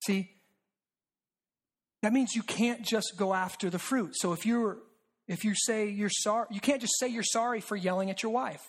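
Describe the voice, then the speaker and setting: Preacher, rhetorical and repetitive. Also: normal speed. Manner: rhetorical and repetitive, with frequent "right?" asides; drops low and quiet for emphasis. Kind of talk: sermon.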